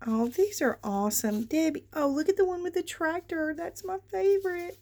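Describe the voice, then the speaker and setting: A woman hosting a craft vlog, gushing excitedly over items and talking straight to her viewers in a casual show-and-tell style. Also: extremely high pitch, moderate pace. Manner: gushing, excitable, frequent gasps and exclamations; addresses viewers as y'all. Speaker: craft channel host.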